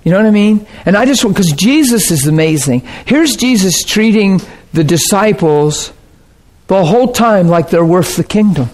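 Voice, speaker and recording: A male preacher delivering a sermon in a conversational, earnest tone. His voice sits a little high for a man, and he keeps turning to the crowd to ask if they follow. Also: expressive, moderate pace, darkish tone. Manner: earnest, conversational, often checks in with the audience.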